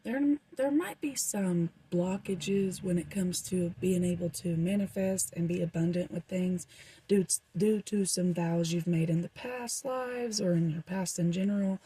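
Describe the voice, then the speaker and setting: Very breathy, husky woman reading tarot. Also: lowish voice, unhurried, dark tone, no room sound, rough recording. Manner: rambling, meandering with frequent fillers. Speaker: tarot reader. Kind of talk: casual tarot reading to viewers.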